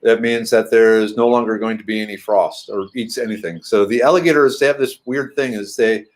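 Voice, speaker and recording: A middle-aged man with a low voice talks casually at home for his vlog. He rambles from one thing to the next and throws in playful sing-song asides. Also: steady tone, brisk. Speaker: vlogger.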